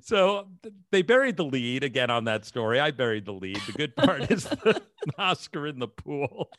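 A man's voice: fairly high pitch, sing-song, moderate pace, fairly bright tone, no room sound, clean studio sound. A man co-hosting a casual chat show, telling a story and laughing often. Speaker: podcast co-host.

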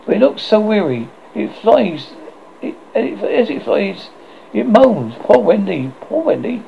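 A wide-eyed, breathless little lost boy from a storybook, his voice jumping high as he cries out, voiced by a man reading aloud. The pitch swings wildly, with a gravelly edge, on a slightly dull recording. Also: sing-song, unhurried, a little hiss or hum, exaggerated voice. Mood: awestruck. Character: frightened excitable young boy, lost boy.

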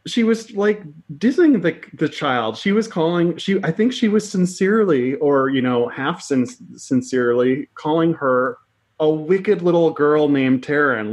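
A man's voice: fairly high pitch, lively intonation, unhurried. A man co-hosting a casual book podcast, thoughtful and hesitant, searching for his words. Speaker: podcast co-host.

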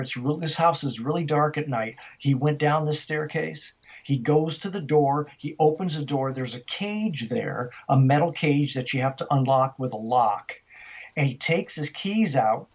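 An older man, the guest in an interview, telling a story in an animated way, often restarting and repeating words. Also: fairly high pitch, normal speed, slightly rough, dull audio.

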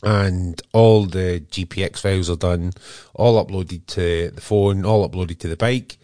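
Deep-voiced Scottish man chatting. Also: fairly even intonation, a little slow, warm tone, dry recording, clean studio sound. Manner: easygoing, peppered with "um". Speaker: podcast co-host. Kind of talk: casual chat.

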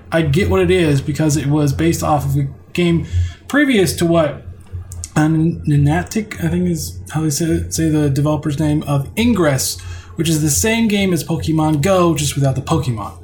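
A man's voice: a little high, normal speed, darkish tone, soft background music, poor audio. A man hosting a casual solo tech podcast, chatty and offhand, with shrugging asides. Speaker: podcast host.

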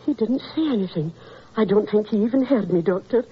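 A woman's voice: medium pitch, animated, fairly quick, close to an everyday voice. An actress playing a tearful, anxious older landlady in 1940s radio acting, stammering and breathless. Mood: distraught. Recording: dull old radio broadcast.

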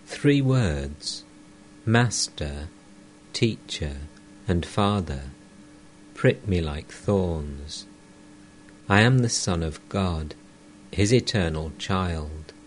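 A man reading a spiritual text aloud in a measured, deliberate way. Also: deep voice, slight background noise. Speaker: audiobook reader.

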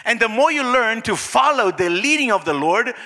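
A man preaching a sermon as pastor, acting out little scenes in soft, low voices. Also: sing-song, normal speed. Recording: long hall reverb.

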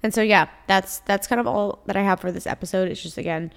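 A woman's voice: mid-range voice, quick pace, gravelly, few pauses. A young woman hosts her own podcast alone and talks straight to her listeners. She is blunt and confiding, often emotional, and swears freely as she speaks. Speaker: podcast host. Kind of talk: candid solo podcast monologue.

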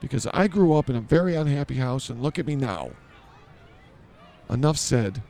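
A man's voice: mid-range voice, lively intonation, moderate pace, creaky, darkish tone. A man hosting an improvised comedy podcast, blustering and ranting in a mock-authoritative way. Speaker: podcast host.

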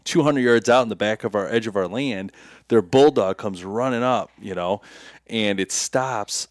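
A man's voice: on the low side, normal speed, dry recording. A man co-hosting a podcast, telling funny stories in casual chat and laughing through them. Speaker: podcast co-host.

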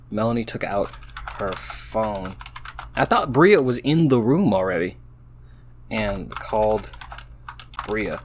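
Slow-talking man reading with amused asides. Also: on the low side, a little hiss or hum. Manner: slow, halting reading broken by laughing asides. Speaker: host reading an AI-written story. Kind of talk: casual reading aloud with commentary.

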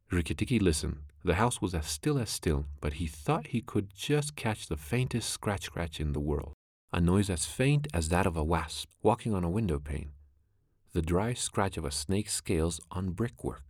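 A man narrating a classic animal story in a measured, expressive way. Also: sits low, dry recording, studio quality.

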